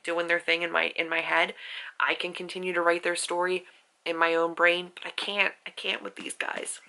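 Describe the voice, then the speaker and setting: A woman's voice: lowish voice, vocal fry, pushed and bright, rough recording. A young adult woman, an author and book vlogger, reacting emotionally to a novel in a casual, rambling way. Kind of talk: casual reading vlog.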